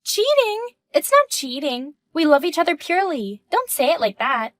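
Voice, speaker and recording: Woman voicing a condescending young mistress, high and dry, taunting. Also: animated, brisk, fairly bright tone, dry recording. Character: smug young woman student, the husband's mistress. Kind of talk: reading a text-message story.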